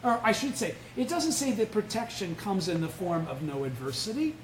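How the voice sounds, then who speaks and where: A man with a high voice leads an informal Buddhist study lecture, checking in with his group and pressing his points bluntly. The room is echoey, with a faint hum of noise under him. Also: sing-song, normal speed. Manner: keeps questioning the group, blunt and emphatic. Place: indoor meeting room, live-streamed.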